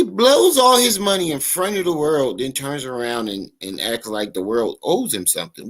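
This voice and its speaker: Male livestream host, mocking reaction commentary, animated and sarcastic. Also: a little high, normal speed. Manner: mocking, incredulous, profane.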